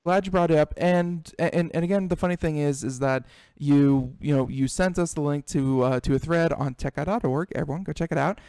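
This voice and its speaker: A male tech-show host in loose, animated conversation, voice sitting a bit high. He restarts sentences and repeats words as he talks. The sound is close and dry. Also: fairly quick, clear, resonant tone, dry recording. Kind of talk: casual tech talk chat.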